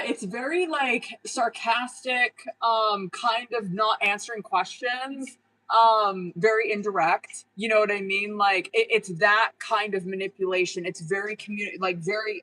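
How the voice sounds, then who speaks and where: A woman's voice: mid-range voice, rough recording. A young woman doing a live-stream tarot reading, chatty and casual, with lots of filler words, frequent laughs and the odd curse. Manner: chatty, casual and profane, full of "like" and "um"; animated, laughing often. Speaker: tarot reader.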